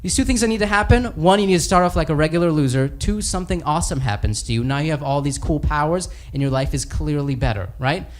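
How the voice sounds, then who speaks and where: A man doing a stand-up set in a comedy club, animated and mocking as he talks into a handheld mic. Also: on the high side, fast, few pauses. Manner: animated, mocking, voices characters.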